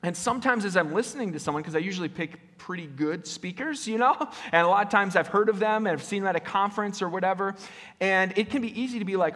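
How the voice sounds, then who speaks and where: A pastor delivers a casual sermon in a rather high male voice, breaking up his points with tag questions and quick restarts. The sound carries the long reverb of a church hall. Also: fairly bright tone. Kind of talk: conversational sermon. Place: church sanctuary.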